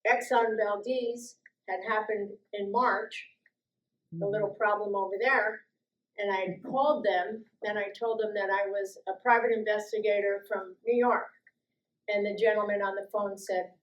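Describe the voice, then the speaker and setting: Older woman, mid-pitched, from the US East Coast, animated storyteller who acts out quotes. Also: normal speed, lo-fi sound. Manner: lively, acts out quoted voices, laughs often. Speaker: guest speaker sharing life stories. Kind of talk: personal storytelling talk.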